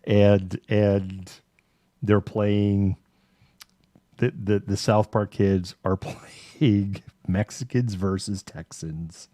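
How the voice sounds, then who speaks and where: A man talks casually on a live online show, with a lowish, mellow voice recorded close and dry. He rambles, restarts his sentences and swears now and then. He jumps into quick character voices as he retells a story. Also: fairly even intonation, no room sound. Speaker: podcast co-host.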